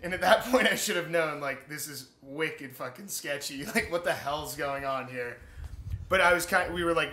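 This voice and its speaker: A young man tells a story in a bright, edgy voice, swearing freely and laughing as he goes. His voice carries a roomy echo, as if he is in a bare room. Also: fairly high pitch, moderate pace. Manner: animated, profane, laughing between beats. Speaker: interviewee. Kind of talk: casual storytelling.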